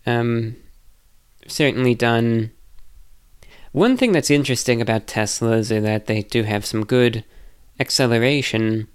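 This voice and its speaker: Guy with a smooth clear voice, rambling and hesitant, vlog q&a vibe. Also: mid-range voice, measured pace, pauses often. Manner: rambling, hesitant, self-reflective. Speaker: vlogger answering viewer questions. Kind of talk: casual monologue.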